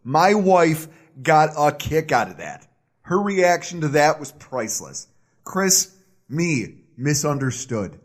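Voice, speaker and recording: A man's voice: a little high, takes it slowly. A man hosting a sports podcast, chatting casually and joking about himself. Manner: animated, jokey, self-mocking. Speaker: podcast host.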